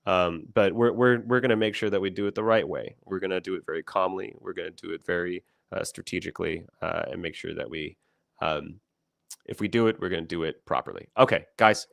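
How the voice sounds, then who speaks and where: A man's voice: low voice, fairly even intonation, a little fast, gravelly, fairly bright tone, dry recording, studio quality. A young man hosting a casual livestream, rambling with many fillers and restarts and laughing often. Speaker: company founder hosting a livestream.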